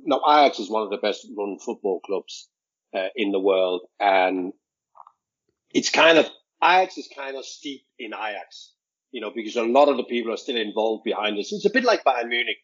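Danish-born ex-player man as pundit; low, husky, thoughtful podcast chat, dull lo-fi audio. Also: animated, a bit bright. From Denmark. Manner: reflective, measured, rhetorical tags. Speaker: football pundit, former player.

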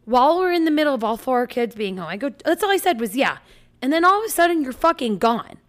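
A woman co-hosting a podcast, a mother of four talking in animated, swear-heavy banter, acting out her own yelling. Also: high voice, fast talker. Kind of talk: casual couple banter.

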